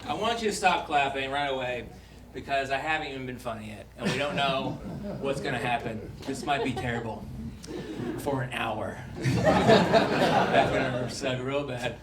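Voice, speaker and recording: A man's voice: medium pitch, a little slow, a loud crowd. A man doing a rambling, wry stand-up set on a club stage. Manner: rambling, wry storytelling with laughs. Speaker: stand-up comedian. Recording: roomy, distant mic with loud background noise.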